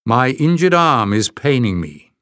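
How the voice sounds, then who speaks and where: A man reading a storybook voicing a tactful, secretive young man who speaks softly and reflectively. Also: mid-range voice, sing-song, measured pace, no room sound, studio quality, pitched above the performer's own voice. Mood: coaxing. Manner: soft, reflective.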